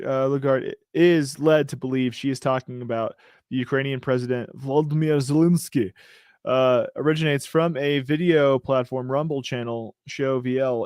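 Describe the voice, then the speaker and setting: Male host, mid-pitched, casual and joking, reading news with a dry close mic. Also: darkish tone, dry recording. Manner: joking, riffing asides while reading. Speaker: show host.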